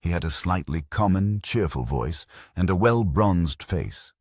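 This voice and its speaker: A man narrates a mystery novel in an extremely deep, husky voice. His reading is measured, with lively rises and falls. The sound is dry and close. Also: no room sound. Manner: measured storytelling delivery. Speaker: audiobook narrator.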